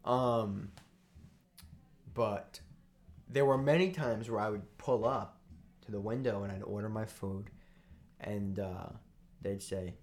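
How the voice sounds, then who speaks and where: A young man co-hosting a podcast, telling a tall story in a deadpan, mock-serious way among friends. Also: fairly low pitch, unhurried, a little hiss or hum. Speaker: podcast co-host. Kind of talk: joking casual chat.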